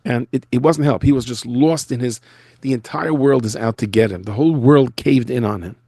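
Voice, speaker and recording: A rabbi tells stories in an animated lecture, speaking from his office in a school. His voice sits in a middle range with a gravelly edge, and the sound is close and dry. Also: medium pitch, brisk, dry recording. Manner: animated storyteller who acts out the people he quotes. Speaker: rabbi giving an annual lecture. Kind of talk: storytelling lecture.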